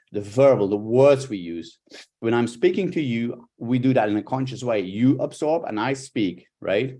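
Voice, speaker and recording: A middle-aged man, a body language coach, giving a live workshop talk with lively, expressive intonation. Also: mid-range voice.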